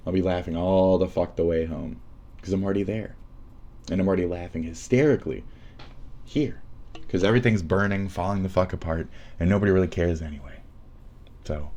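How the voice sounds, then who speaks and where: A man's voice: sits low, a little mellow. A young man livestreaming, ranting in a rambling, sneering way full of profanity. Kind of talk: livestream rant.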